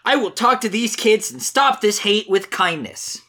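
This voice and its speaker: A preachy, earnest cartoon hedgehog hero, put on by a podcast host in a comic dramatic reading. The voice is pushed higher and louder than usual and delivered slowly with exaggerated sincerity. The pitch swings widely. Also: animated. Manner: slow, raised and overly sincere.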